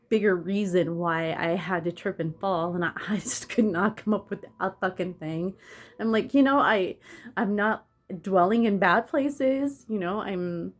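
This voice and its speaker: A woman casually telling a story on her vlog, laughing often and swearing, sounding in pain and close to tears. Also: medium pitch. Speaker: vlogger.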